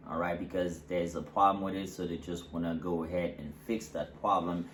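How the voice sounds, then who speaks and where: Deep-voiced man teaching English, echoey room. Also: fairly quick. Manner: relaxed, explains with examples, frequent fillers. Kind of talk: casual teaching. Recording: echoey room, faint background noise.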